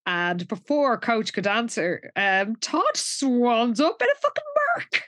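A woman's voice: a little high, huge pitch swings, slow pace, a bit bright. A woman co-hosting a podcast, recapping a TV episode in a wry, chatty way, often restarting sentences and laughing at her own jokes. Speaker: podcast co-host. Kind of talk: casual chat recapping a TV episode.

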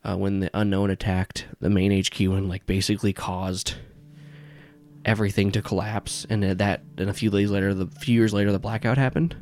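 A man's voice: on the low side, little pitch movement, normal speed, darkish tone. A man narrating a tabletop game as game master, rambling with many fillers and restarts.

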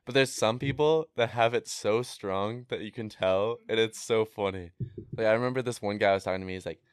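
A young man with an Upper Midwest American accent in a casual chat. He rambles and hesitates, and his fairly low voice is smooth and clear. The sound is close and dry. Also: fairly quick, dry recording. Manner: rambling, hesitant, laughs at himself. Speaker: podcast co-host.

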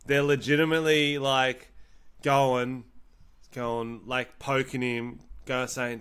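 A man's voice: medium pitch, level tone, slow pace, a bit bright, clear, resonant tone. A man co-hosting a comedy podcast with laughing, incredulous banter. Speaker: podcast co-host. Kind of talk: casual comedic chat.

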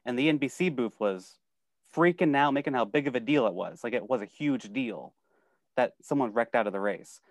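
A man co-hosting a casual podcast who rants in a lively, rising and falling voice. He leans on "like" constantly as he goes. The recording is dry, with no room echo. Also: medium pitch, brisk. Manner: animated, frustrated ranting with frequent "like". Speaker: podcast co-host. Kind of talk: casual chat.

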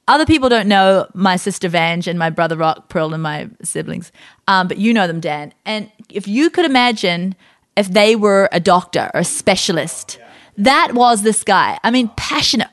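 A woman podcast host telling a story in a casual, animated way, with lots of fillers and restarts. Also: mid-range voice, no echo, clean studio sound.

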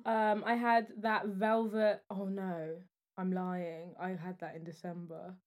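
A woman co-hosting a casual fashion chat, animated and emphatic with slang. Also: mid-range voice, takes it slowly. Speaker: podcast co-host.

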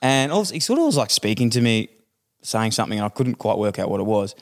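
A man rattles through a funny anecdote, fast and in a somewhat low voice. He rambles, restarts and laughs at his own story as a podcast co-host. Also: sing-song. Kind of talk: casual chat, storytelling.

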